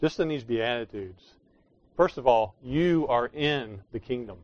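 A man's voice: mid-range voice, lively intonation, measured pace, darkish tone, muffled recording. A man preaching a sermon, explaining scripture in an emphatic way that leans hard on key words. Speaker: pastor.

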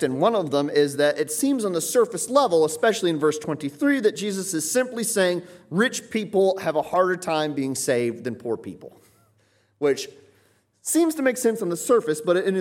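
A man preaching a teaching sermon from the United States, earnest and emphatic, often restarting his sentences. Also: fairly high pitch. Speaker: pastor.

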